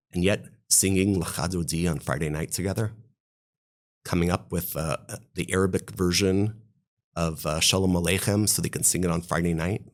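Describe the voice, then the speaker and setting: Deep-voiced rabbi, impassioned. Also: male voice. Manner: impassioned, storytelling, voice rising on key points. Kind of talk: podcast interview guest.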